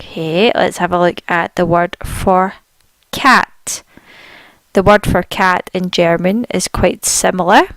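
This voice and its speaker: A woman teaching a spoken language lesson, saying each word slowly and repeating it clearly for learners. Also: lowish voice, fairly even intonation, dry recording.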